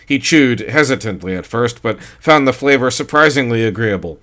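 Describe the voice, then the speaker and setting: A man narrating a short story in a dry, steady storytelling manner. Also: on the low side, moderate pace, hardly any pauses. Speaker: audiobook narrator. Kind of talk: scripted narration.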